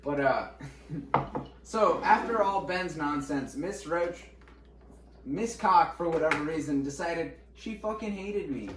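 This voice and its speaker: A young man co-hosting a podcast, telling school stories in casual chat, animated and profane, laughing as he goes. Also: a little high, takes it slowly. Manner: animated, swearing, laughing while recounting. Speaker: podcast co-host. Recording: echoey room, mic at a distance, faint noise.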